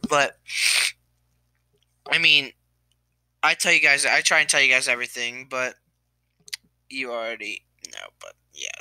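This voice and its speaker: Young male vlogger, crying and sighing through a halting apology; bright, smooth voice, dry close sound. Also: mid-range voice, dry recording. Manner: halting, trailing off, many restarts. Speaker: gaming YouTuber. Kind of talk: tearful apology vlog to camera.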